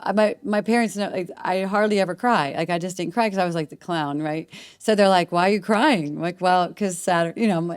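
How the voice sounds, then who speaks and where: A woman's voice: on the low side, no room sound. A middle-aged woman telling a long personal story in a casual interview, rambling, with restarts and acted-out quotes. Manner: rambling, animated retelling with restarts and quoted voices. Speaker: guest.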